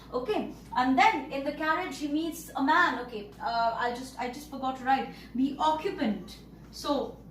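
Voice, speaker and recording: High-voiced woman teacher in an echoey room. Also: recorded from a distance, slight background noise. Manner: repeats and rephrases words to explain them. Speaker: English teacher. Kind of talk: explaining a story to pupils. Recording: echoey room, voice a bit off-mic.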